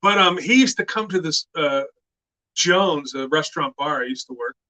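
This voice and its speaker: A middle-aged man telling stories in a casual chat, animated and loud when he acts out what others said. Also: fairly high pitch, normal speed, rough recording. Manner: animated storyteller who shouts out quoted lines. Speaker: guest actor.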